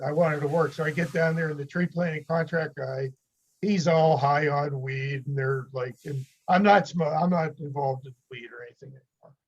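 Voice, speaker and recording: A man's voice: a little high, breathy edge, muffled recording. An older man from the United States, a podcast guest, telling rambling anecdotes with chuckles in a casual interview.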